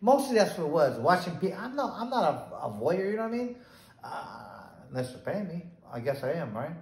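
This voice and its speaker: A retired boxer in his sixties spins a long story in a lively, animated way, slipping into the voices of the people in it. His voice sits a little high for a man. The recording carries a roomy echo. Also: a little fast, creaky. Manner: animated, acts out quoted voices. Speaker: retired boxer, podcast guest. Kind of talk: casual storytelling.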